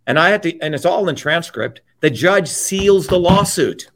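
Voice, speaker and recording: Interview guest, man, slightly high voice, forceful and blunt, keeps asking "okay?". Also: animated, normal speed. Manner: forceful, checks in with repeated "okay?"; blunt, swears freely. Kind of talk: emphatic conversational storytelling.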